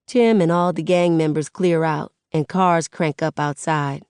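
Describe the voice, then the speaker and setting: Low-voiced woman narrating a story. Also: fairly even intonation, a little slow, hardly any pauses, a little mellow, clean tone, no room sound, clean studio sound. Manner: conversational teen-voiced storytelling. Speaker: audiobook narrator. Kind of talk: first-person audiobook narration.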